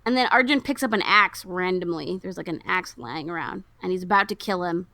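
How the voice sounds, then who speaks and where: A woman's voice: lowish voice, a little fast, gravelly, dry recording. A woman co-hosting a podcast, casually retelling a film plot and acting out its lines in a raised voice. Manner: animated storytelling, acts out quotes in a raised voice. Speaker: podcast co-host. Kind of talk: casual chat recapping a film.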